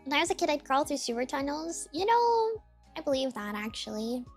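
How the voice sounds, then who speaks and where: A young woman chatting on a live stream in a very high, chirpy voice. She rambles casually, full of "like" and "dude", with faint music playing underneath. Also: animated, brisk. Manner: chirpy, greets viewers one by one in a sing-song lilt.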